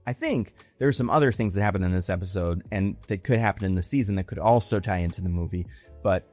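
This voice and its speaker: A man's voice: low-pitched, quick pace, a little mellow, soft background music. A young man giving a casual, conversational breakdown of a TV episode, slipping into exaggerated voices when he quotes characters. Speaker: online film and TV commentator.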